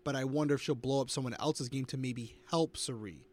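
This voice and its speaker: A man's voice: mid-range voice, a little fast, a little mellow. A man co-hosting a podcast, reacting in casual chat, hyped up and cheering at the screen. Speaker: podcast co-host.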